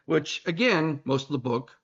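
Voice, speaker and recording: A man's voice: on the high side, lively intonation, normal speed, creaky, a bit bright, breathy edge, dull audio. Rambling, teasing male podcast host. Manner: rambling, teasing, many restarts. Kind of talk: casual podcast chat. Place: recording room in Boston.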